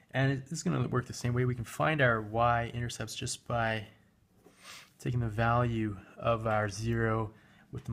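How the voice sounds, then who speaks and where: Medium-pitched and creaky, a man's voice guides a recorded math lesson. He works a graphing calculator as he talks in a relaxed way, with fillers and frequent self-corrections.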